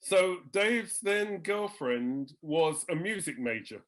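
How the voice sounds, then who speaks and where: Guy spinning funny stories, lively voice, does all the characters. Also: a little high, slow pace. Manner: animated, acts out quoted voices. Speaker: guest storyteller. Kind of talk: anecdotal conversation.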